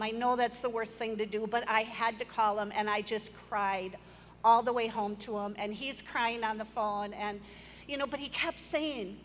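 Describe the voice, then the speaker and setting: A woman's voice: fairly high pitch, a bit bright. A middle-aged woman giving a personal testimony in church, earnest and storytelling, with a touch of self-deprecating humor. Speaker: church member sharing her testimony. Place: church hall. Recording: long hall reverb, faint room noise.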